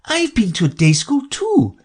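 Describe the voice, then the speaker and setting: A man's voice: very high-pitched, wildly swooping pitch, measured pace, darkish tone, breathy edge, voice pushed up, heavily acted. A man voicing Alice as a polite, curious young girl in a storybook reading, with an earnest, questioning manner.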